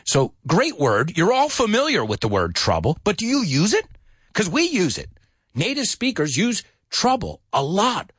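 Man, teacher, husky dry voice, very animated, playful, mixes two languages. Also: sits high, moderate pace, dry recording. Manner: playful, switches between English and Spanish. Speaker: English teacher. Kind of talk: bilingual language lesson.

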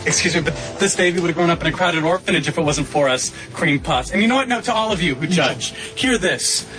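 Actor as an indignant man scolding the crowd; high voice, film audio with music bed. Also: fast, a bit bright, natural voice. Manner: indignant, speech-like lecturing. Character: indignant man defending his adopted baby. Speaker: film character. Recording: film clip with music underneath.

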